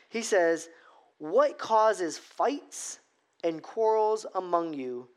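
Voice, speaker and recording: A man who is a pastor, preaching a sermon with storytelling and emphatic, slowed phrasing. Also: sits high. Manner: storytelling with acted-out irritation, emphatic slow phrasing.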